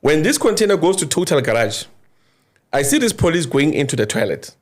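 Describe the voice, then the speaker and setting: Animated man telling a story. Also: a little high, a little fast. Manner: animated, informal, slangy, apologetic asides. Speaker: interviewee, former crime intelligence source. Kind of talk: casual spoken storytelling.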